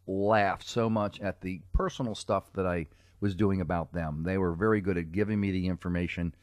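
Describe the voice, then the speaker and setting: Deep-voiced man telling stories. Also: fairly even intonation, normal speed, no room sound, studio quality. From Cincinnati, USA. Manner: storytelling, laughs often, self-mocking. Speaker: guest, comedic speaker and character performer. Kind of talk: casual podcast chat.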